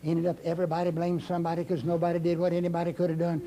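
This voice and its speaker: A man's voice: fairly high pitch, completely flat delivery, racing, dark tone, a little hiss or hum. Folksy older man giving a rousing speech. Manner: folksy, emphatic, repeats key phrases. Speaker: motivational speaker. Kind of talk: motivational speech to a live audience. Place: speaking to an audience in a room.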